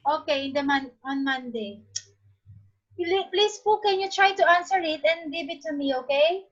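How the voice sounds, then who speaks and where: A woman's voice: high-pitched, expressive, moderate pace, muffled recording. A woman at home coaxing a learner through English tongue twisters, prompting him to repeat. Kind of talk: casual home practice.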